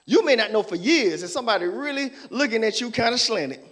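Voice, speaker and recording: Pastor guy preaching, high voice that swoops all over, jokey and animated. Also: fairly quick. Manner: animated preaching with playful acted-out voices and laughter. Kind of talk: sermon.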